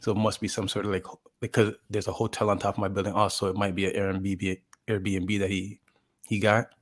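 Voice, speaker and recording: A man with a fairly low voice tells a long, winding story in casual chat. He rambles, restarts his sentences and fills them with "like" as he acts out what people said. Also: flat delivery, a little fast. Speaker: podcast co-host.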